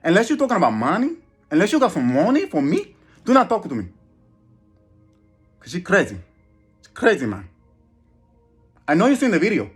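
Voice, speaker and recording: A man voicing a brash, loud Spanish-speaking character named Felipe. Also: high-pitched, huge pitch swings, brisk, long pauses, breathy edge, soft background music, voice pushed up, exaggerated voice.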